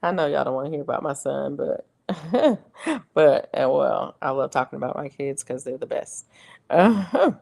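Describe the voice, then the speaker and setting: A woman's voice: very deep voice, expressive, moderate pace, creaky, darkish tone. A middle-aged woman hosting a casual livestream, chatting and laughing often as she reads viewer comments aloud. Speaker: livestream host. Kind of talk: casual live-stream chat.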